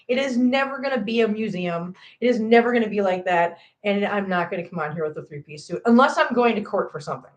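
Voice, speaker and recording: A woman's voice: medium pitch, lively intonation, fast talker, hardly any pauses. A woman in her forties chatting casually on a home livestream, reading out viewers' comments, rambling and laughing often, on a laptop microphone. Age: 40s. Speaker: livestream host reading chat.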